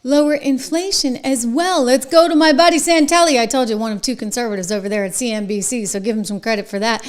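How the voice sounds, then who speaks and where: A woman hosting an opinion commentary show, talking emphatically and excitably in a chatty way. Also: on the high side, fast talker, few pauses. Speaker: show host.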